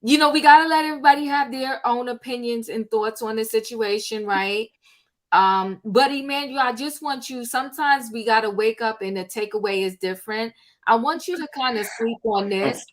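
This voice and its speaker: A woman hosting a casual online chat show, relaxed and chatty as she moves the panel along. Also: fairly high pitch, normal speed. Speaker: host.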